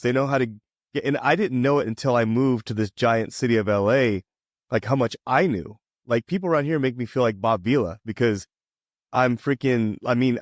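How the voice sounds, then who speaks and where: A man's voice: medium pitch, no room sound, clean studio sound. A man hosting an interview podcast, talking casually and rambling with lots of fillers. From Hawaii and Ohio. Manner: rambling, heavy on "you know" fillers. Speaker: podcast host.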